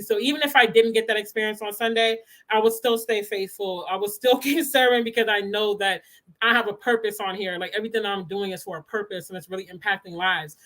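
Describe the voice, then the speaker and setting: A young woman, chatting casually to her channel about faith, animated and quick to laugh. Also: mid-range voice. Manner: animated, laughs often, talks with youthful slang. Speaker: faith vlogger. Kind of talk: casual chat to camera.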